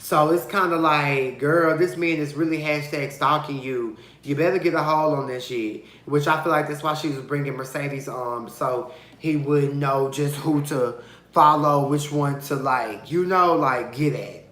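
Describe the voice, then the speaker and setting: A man reviews a show in a casual vlog, gossiping bluntly and with lots of sass. His bright, sharp voice leaps up and down for dramatic effect. The sound has a roomy echo. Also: a little slow. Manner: dramatic, sassy and expressive, with big swings of pitch and loudness; gossipy and blunt, with slang and profanity.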